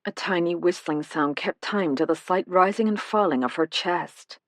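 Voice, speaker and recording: A woman reading a first-person mystery audiobook in an even, measured way. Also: on the low side, no echo, clean studio sound. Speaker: audiobook narrator.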